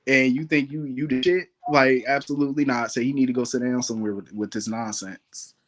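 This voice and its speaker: A man's voice: medium pitch, steady tone, brisk, fairly bright tone. A man in a casual chat, talking in a blunt, profane and slangy way.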